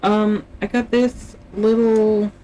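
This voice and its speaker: Slow, musing Canadian woman on a stream. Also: medium pitch, little pitch movement, dark tone, slight background noise, low-quality recording. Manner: meandering and musing, often trails off mid-thought. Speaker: livestreamer. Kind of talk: casual livestream chat.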